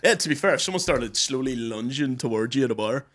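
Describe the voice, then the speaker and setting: A man's voice: mid-range voice, animated, fast, fairly bright tone. A young man co-hosting a podcast in casual, sweary chat, acting out people in his stories. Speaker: podcast co-host.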